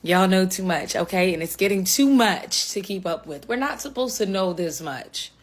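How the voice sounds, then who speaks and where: A woman talking casually to camera, chatty and overwhelmed. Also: medium pitch. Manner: overwhelmed, chatty, says honey.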